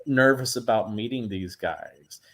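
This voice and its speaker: A middle-aged man chatting as a guest in a casual interview, telling lively stories and acting out voices. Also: lowish voice, measured pace. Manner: animated storyteller, acts out quoted voices. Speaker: guest actor.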